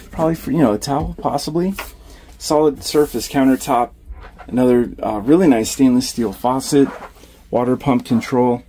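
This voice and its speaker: A man's voice: medium pitch, background noise. A man, an RV salesman, casually narrating a walkthrough of a camper van, upbeat as he lists each feature he points out. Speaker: RV salesman giving a walkthrough tour.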